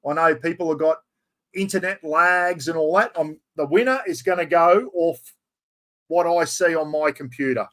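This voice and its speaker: Australian man, middle-aged, slightly high voice; relaxed slangy livestream host answering chat. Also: moderate pace. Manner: chatty, reads out viewer comments, mate-heavy slang.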